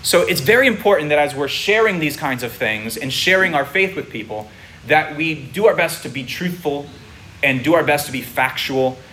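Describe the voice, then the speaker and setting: A man with a bright, forceful voice and a slightly high pitch teaches a congregation in a sermon. He explains step by step and often checks that his listeners are following. Faint room ambience sits behind him. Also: animated, moderate pace, slight background noise.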